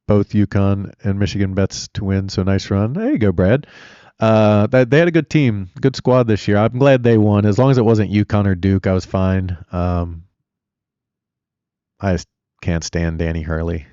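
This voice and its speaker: A man with a low, dark voice talks his way through a live trading stream. He rambles, answers viewers and gives blunt opinions, recorded dry and a little dull. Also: steady tone, normal speed, clear, resonant tone, no echo. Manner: chatty, rambling, answers chat questions. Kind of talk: casual live-stream commentary.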